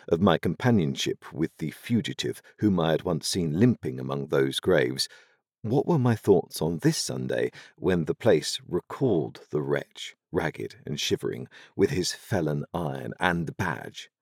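A man reading a classic novel aloud as an audiobook narrator, in expressive, measured storytelling. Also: sits low, dry recording, clean studio sound.

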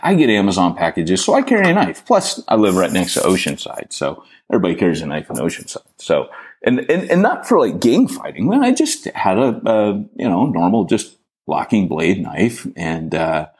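A man with a low, husky voice tells a long anecdote on a podcast. His pitch swings widely as he rambles and pokes fun at himself. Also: wildly swooping pitch, normal speed. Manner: rambling, self-deprecating anecdote telling. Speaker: podcast co-host. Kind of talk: casual storytelling.

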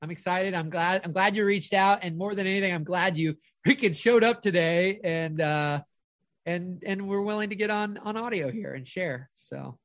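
A man's voice: sits high, moderate pace, a bit bright, no echo. A middle-aged man coaching a caller in an earnest, affirming way, speaking in firm declarations. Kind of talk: motivational coaching call.

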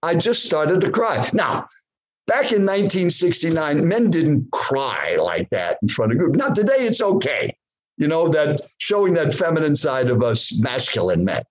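A man in his seventies, a podcast guest, tells his story dramatically and with animation, addressing the host directly and posing questions to the listener. His voice is on the high side at normal speed, and the recording is low quality.

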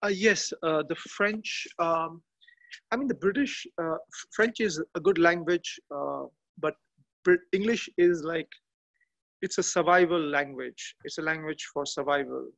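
A man chatting as a podcast guest from a garden outdoors, halting and often restarting as he searches for words. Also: on the high side, vocal fry, a bit bright. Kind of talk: casual interview chat.

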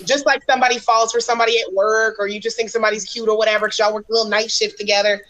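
A woman with a slightly high voice co-hosts a podcast in casual, opinionated chat. She speaks bluntly and swears freely. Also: little pitch movement, very fast, fairly bright tone, low-quality recording. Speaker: podcast co-host.

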